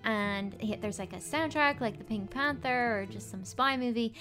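A woman on a podcast, a guest in casual chat, retelling an episode with lively storytelling. Her voice sits a little high. She slips into the characters' lines as she goes. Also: normal speed, over music. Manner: animated storyteller who acts out characters' lines.

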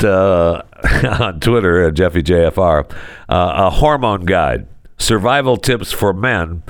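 A man's voice: low voice, dry recording, clean studio sound. A man hosting a podcast, telling jokes in a casual comedic monologue and chuckling at his own lines. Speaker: podcast host.

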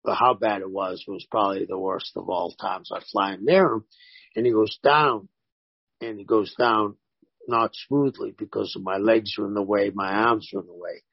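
A man, a former pro wrestler, telling animated stories in a casual interview and voicing the people in them. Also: on the low side, moderate pace, vocal fry, slightly rough, dry recording, muffled recording. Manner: animated anecdotes with voiced quotes.

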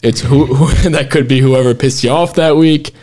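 A man hosting a loose, casual podcast, steering the talk between his friends. He rambles, circles back on his own sentences and keeps breaking into laughs. His voice sits at an ordinary middle pitch. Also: moderate pace, a little mellow. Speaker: podcast host. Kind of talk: casual chat.

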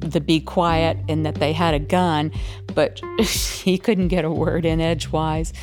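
Low-voiced woman guest, quietly recalling a frightening moment. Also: flat delivery, measured pace, over music. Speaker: interview guest. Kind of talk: recalling a personal memory in an interview.

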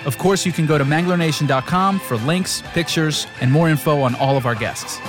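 A man's voice: fairly high pitch, brisk, over music. A male podcast host reading the show's outro and an ad in an upbeat announcer manner. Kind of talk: scripted podcast outro and ad read.

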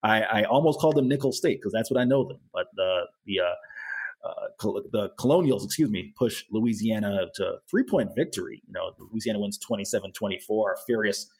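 A man hosts a college football talk segment, running through scores and stats in a relaxed, conversational way. His voice sits on the low side and has a husky edge. He corrects himself often and throws in quick asides. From Florida. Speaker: sports talk host.

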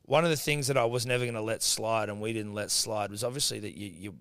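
A man's voice: lowish voice, fast talker, heavy background noise. An Australian man co-hosting a sports podcast, chatting casually with crude jokes and frequent laughter. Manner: lively, crude, joking, laughs often. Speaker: podcast co-host. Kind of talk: casual chat.

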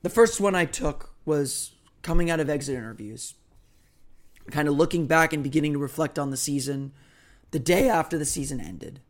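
Male podcast host, hoarse throughout, slightly high voice, rambling and self-deprecating. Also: normal speed. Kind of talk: casual solo podcast talk.

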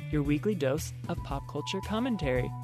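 A man's voice: fairly high pitch, animated, brisk, music in the background. A young man hosting a pop culture podcast on his own, delivering sarcastic commentary full of joking asides. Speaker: podcast host.

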